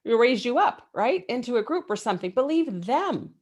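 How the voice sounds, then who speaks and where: Middle-aged woman, executive guest, emphatic, lively pitch swings, motivational interview answers. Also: moderate pace.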